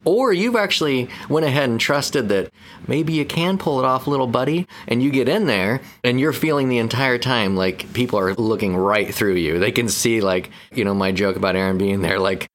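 A man's voice: mid-range voice, expressive, moderate pace, fairly bright tone. A man co-hosting a podcast as a counselor, talking in a playful, rambling way with frequent laughs. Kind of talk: casual podcast chat.

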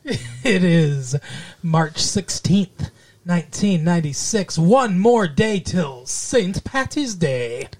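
A man's voice: high-pitched, expressive, slow pace, darkish tone. A young man co-hosting a casual comedic chat show, playful and teasing as he talks. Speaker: co-host.

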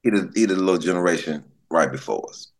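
A man's voice: sits low, fast. A middle-aged male comedian telling stories in casual chat, slangy, repeating words and laughing often. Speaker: comedian guest.

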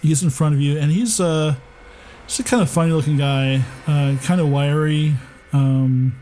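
A man running a tabletop game as game master, narrating in a halting way with many pauses. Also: fairly high pitch, steady tone, warm tone, slight background noise, low-quality recording.

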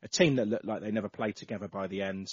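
Podcast host man, husky lo-fi voice. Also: fairly low pitch, fast talker, no room sound. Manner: reads out listener entries with many fillers. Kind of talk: casual football podcast chat. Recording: slightly dull lo-fi audio.

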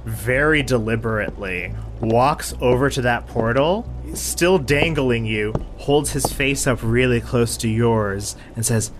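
A man's voice: medium pitch, unhurried, soft background music. A man running a tabletop game as game master, narrating in a playful, teasing way.

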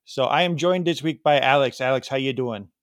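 A man's voice: mid-range voice, fairly quick, no echo, clean studio sound, close to an everyday voice. A man putting on a bumbling British host voice, stumbling through a fake accent. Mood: chipper.

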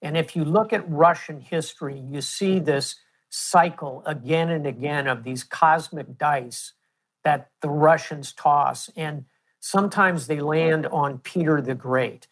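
A man as an interview guest, explaining history in a measured, storytelling way. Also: a little high, fairly bright tone. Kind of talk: interview answer.

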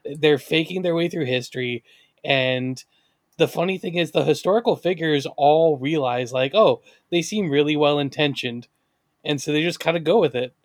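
A man co-hosting a casual podcast who talks in a wry way, chuckling and making quick remarks. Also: fairly high pitch, dry recording. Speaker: podcast co-host.

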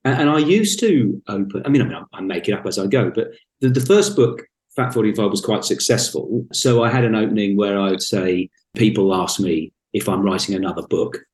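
A man's voice: on the low side, animated, a little mellow. A man talking as a podcast guest, often stalling and repeating his first words before he gets going. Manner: halting, repeats words at the start of sentences. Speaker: guest, author and speaker. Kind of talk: casual podcast conversation. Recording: roomy, echoey sound.

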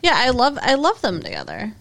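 A woman's voice: fairly high pitch, wildly swooping pitch, fairly quick, creaky, fairly bright tone. A woman co-hosting a podcast, chatting casually about a movie with short, teasing replies. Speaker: podcast co-host. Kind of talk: casual movie review chat.

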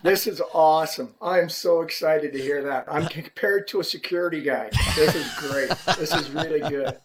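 A man's voice: on the high side, moderate pace, background noise. A man who is a podcast guest, telling a story animatedly and acting out quoted dialogue. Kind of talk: casual storytelling chat.

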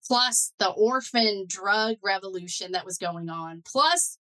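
A woman's voice: mid-range voice, measured pace, rough recording. A middle-aged woman talking as an interview guest, telling her story with lots of "like" and "you know". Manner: animated storyteller, many "like" and "you know" fillers. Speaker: guest, foundation director and neuroscientist. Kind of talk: conversational interview.

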